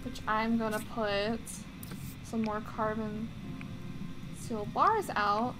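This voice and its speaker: A woman's voice: fairly high pitch, little pitch movement, takes it slowly, over music. A young woman giving casual, chatty gameplay commentary, often exasperated and grumbling mildly. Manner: exasperated, chatty, mild swearing. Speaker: gaming streamer.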